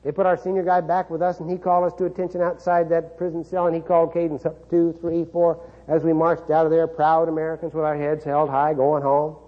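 A man's voice: a little high, little pitch movement, a little fast, hardly any pauses. A middle-aged man from Kansas giving a motivational speech, telling a dramatic personal story with wry humor and frequent chuckles. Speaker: keynote speaker. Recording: dull lo-fi recording.

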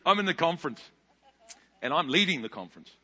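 A man in his fifties with a New Zealand accent, preaching a sermon as a pastor, telling stories animatedly and rising into loud bursts. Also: fairly high pitch, quick pace. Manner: animated storytelling with big loud rises. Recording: long hall reverb.

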